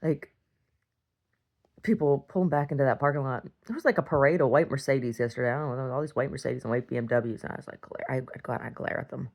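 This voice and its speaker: Gravelly-voiced woman rambling through a diary. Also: a bass voice, quick pace, darkish tone. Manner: chatty, self-interrupting, laughs often. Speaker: video diarist.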